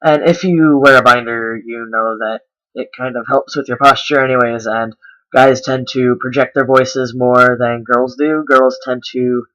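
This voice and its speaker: A man's voice: mid-range voice, bright, forceful tone, rough recording. A man vlogging a casual voice tutorial, explaining step by step with lots of ums. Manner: chatty, filler-heavy explaining. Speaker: voice coach vlogger.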